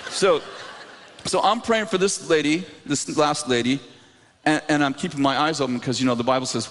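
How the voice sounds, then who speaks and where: Man preacher, animated self-mocking storyteller, high bouncing voice, church hall reverb. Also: fairly quick. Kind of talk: sermon storytelling. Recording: reverberant hall with faint noise.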